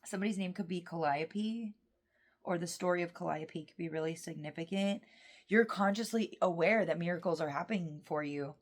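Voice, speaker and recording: A woman giving a casual tarot reading to her viewers, emotional and excitable, rambling with lots of restarts and half-finished thoughts. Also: on the low side, normal speed. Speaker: tarot reader.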